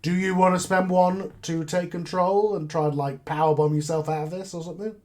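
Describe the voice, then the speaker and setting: A man acting as game master, narrating wrestling moves with excited play-by-play. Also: sits high, brisk.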